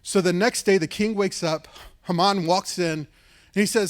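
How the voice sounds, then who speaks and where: A male pastor retelling a story in a sermon, casual and lively, with frequent "like" and "right". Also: high voice, moderate pace.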